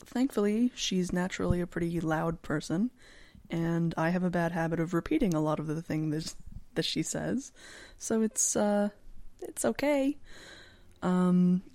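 A woman's voice: on the low side, warm tone. A woman co-hosting a podcast in casual chat, joking, often laughing and swearing freely. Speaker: podcast co-host.

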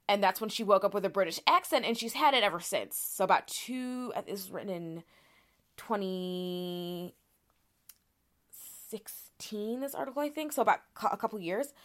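A woman's voice: mid-range voice, fairly bright tone. Chatty woman podcast co-host. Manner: chatty, many fillers and restarts, explains a case step by step. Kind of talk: casual conversational explaining.

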